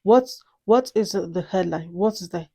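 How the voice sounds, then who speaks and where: A woman's voice: on the low side, a little slow, gravelly, dark tone. A woman voicing a bossy, sassy female rose perfume that pushes others aside. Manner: pushy, teasing, demanding.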